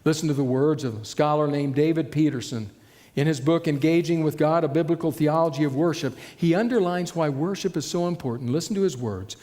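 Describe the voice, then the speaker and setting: Male preacher, a touch high-pitched, dramatic sermon delivery with hushed emphasis, echoing hall sound. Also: brisk. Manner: dramatic shifts between loud and hushed delivery.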